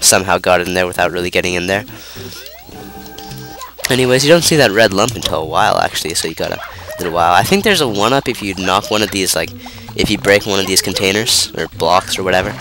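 Low-pitched, quick, pushed, and bright, this young man's voice is congested and nasal from a cold. He rambles casually while playing a video game as a let's play commentator, interrupting himself and using lots of fillers, with game music in the background.

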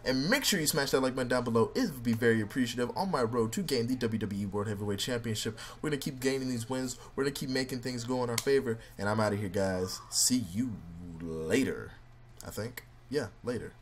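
A man commentating his own wrestling game run, swinging between yelling, cursing at opponents and mock ring-announcer boasts. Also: mid-range voice, brisk, a little hiss or hum. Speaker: gaming video host. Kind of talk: live gameplay commentary.

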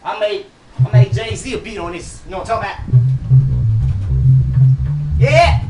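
A man doing a comic rant to camera, boisterous and teasing, swinging between loud bursts and mumbles. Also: sits high, big pitch swings, normal speed, long pauses, loud music behind the voice.

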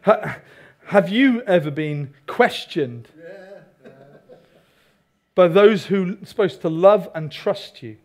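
Male preacher, high voice, animated sermon delivery with congregation asides. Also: takes it slowly, long pauses. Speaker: pastor.

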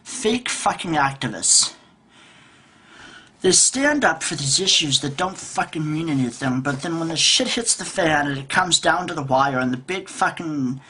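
A man's voice: on the high side, bright, forceful tone, slightly rough. A man in his thirties ranting in a frustrated, profane vlog monologue at home, rambling with restarts. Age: 30s. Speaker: vlogger. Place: at home by a table.

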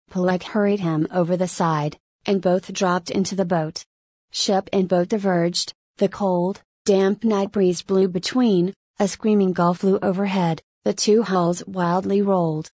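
Low-voiced woman reading a classic novel. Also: steady tone, a little mellow, breathy edge, dry recording, clean studio sound. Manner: slow, measured reading with long pauses. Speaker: audiobook narrator. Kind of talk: audiobook narration of a classic novel.

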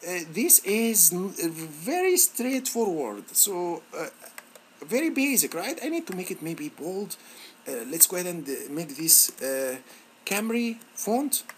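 Man with a lively, animated teaching voice. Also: on the high side, slight background noise. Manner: halting, many fillers and restarts, encouraging. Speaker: instructor. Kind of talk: screen-recorded software tutorial.

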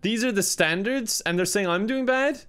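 Irish male gaming host, slightly high voice, frantic let's-play commentary, laughs and curses a lot. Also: moderate pace, smooth. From Ireland. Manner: excitable, laughing, swearing, flustered.

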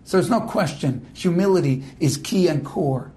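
A man, a rabbi, giving a Torah class, telling a personal story in an animated way and then speaking directly to his listeners. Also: fairly high pitch, normal speed. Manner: animated storyteller who acts out quoted speech; direct, exhorting address to listeners. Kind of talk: lecture with personal anecdote.

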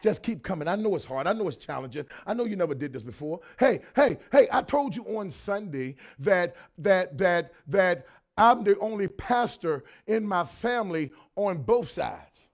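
High gravelly preaching man. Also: sing-song, moderate pace. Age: 50s. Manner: preaching with rising shouts and repetition. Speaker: pastor. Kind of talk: sermon.

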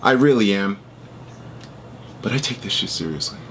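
A man's voice: on the low side, expressive, moderate pace, a bit bright, slight background noise. A man giving a heated, profane reaction rant, reading messages aloud and snapping back at them. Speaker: online streamer.

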